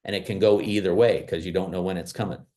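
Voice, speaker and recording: A man from small-town America giving an animated, emphatic motivational talk over a video call, with casual fillers. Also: sits low, fast talker. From small-town United States.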